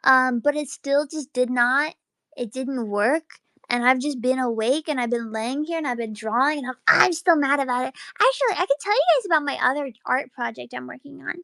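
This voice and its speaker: Streamer girl yapping late at night, high voice, rambly and giggly, dry close sound. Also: brisk, vocal fry, no echo. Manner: rambling, excitable, laughs often. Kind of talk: casual late-night chat.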